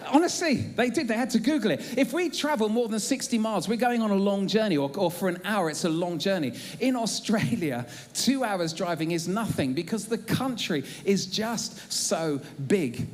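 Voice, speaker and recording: Lively, high-voiced preacher. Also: male voice, moderate pace, few pauses. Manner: chatty and humorous, with frequent ums and uhs. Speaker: pastor. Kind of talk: sermon. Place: church auditorium.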